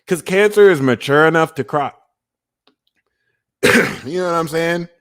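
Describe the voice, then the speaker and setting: A man's voice: a little high, measured pace, fairly bright tone. A man giving a casual astrology reading, blunt and profane, who often acts out quoted voices. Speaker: astrology reader.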